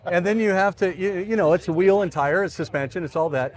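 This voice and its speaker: A man being interviewed as a car design director, speaking casually, haltingly repeating words, with joking asides. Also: high-pitched.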